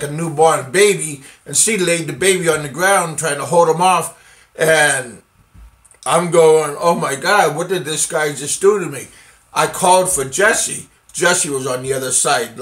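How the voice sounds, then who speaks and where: A middle-aged man from the United States telling a personal story in a casual, halting way, with many fillers and restarts. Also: on the high side, a bit bright.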